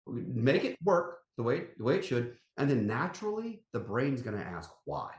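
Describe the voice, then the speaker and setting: A man's voice: medium pitch, normal speed. A man, a company CEO chatting as a podcast guest, folksy and emphatic as he tells stories. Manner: animated storyteller, folksy and emphatic. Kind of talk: casual interview chat. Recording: roomy echo.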